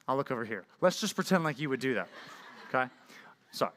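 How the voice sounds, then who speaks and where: Upbeat youth pastor, bright voice. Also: male voice, mid-range voice, fast, a little hiss or hum. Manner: energetic, jokey, keeps asking "right?". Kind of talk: youth sermon.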